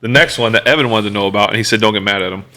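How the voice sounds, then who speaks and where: A man co-hosting in casual chat, quick with frequent restarts. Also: lowish voice, bright, forceful tone. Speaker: co-host.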